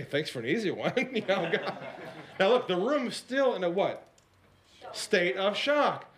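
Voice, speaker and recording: A man giving a storytelling talk as a sales coach, dropping to a hush for quoted lines and rising high when excited, often asking the audience questions. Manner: animated, swings between hushed quoted lines and high excited narration; repeats and restarts words, asks the audience questions.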